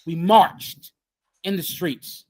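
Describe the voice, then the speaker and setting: A man leading a group and preaching in a fiery, emphatic way, repeating his phrases and swinging from loud bursts to hushed lines. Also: high voice, takes it slowly. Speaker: group leader teaching scripture. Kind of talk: fiery street-style preaching.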